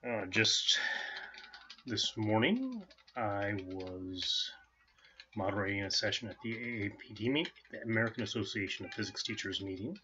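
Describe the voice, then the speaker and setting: A man's voice: on the low side, expressive, moderate pace, bright, forceful tone, a little hiss or hum. A man hosting a daily game playthrough, chatting casually and rambling with self-amusement as he tries out a soothing voice, on a dull lo-fi recording. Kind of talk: casual chat over gameplay.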